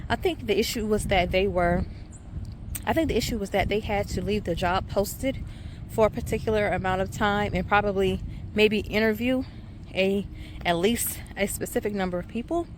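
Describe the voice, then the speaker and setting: A middle-aged woman, a high school teacher chatting casually to camera in her classroom, calling viewers y'all. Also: moderate pace, noisy background. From Savannah, Georgia. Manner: chatty, addresses viewers as y'all, many ums. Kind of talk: casual vlog chat to camera.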